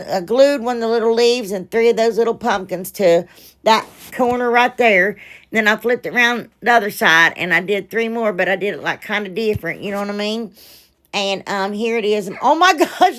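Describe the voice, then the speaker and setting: A woman's voice: medium pitch, a bit bright. A woman hosting a DIY craft vlog, rambling chattily as she works, addressing her viewers as "y'all" and laughing at her own mistakes. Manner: pleads with viewers to like and subscribe. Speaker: craft channel host.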